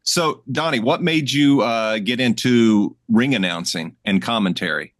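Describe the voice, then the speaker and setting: A man hosting a casual podcast chat, relaxed and laughing easily. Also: medium pitch, unhurried, no echo, studio quality. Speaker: podcast host.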